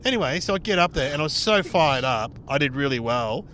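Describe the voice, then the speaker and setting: A middle-aged Australian man and comedian, telling a rude, animated story in casual chat and acting out the other people in it. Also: mid-range voice, normal speed, few pauses, slight background noise. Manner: animated, swearing, acts out dialogue. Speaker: comedian podcast host. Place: inside a car on a road trip.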